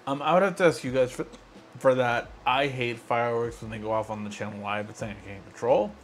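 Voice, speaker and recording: A man's voice: mid-range voice, fast talker. Tipsy male tech-show host, slurred speech, constant hiccups, mid-range voice, faint background noise. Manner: drunk, slurring words. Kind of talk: live tech show chat.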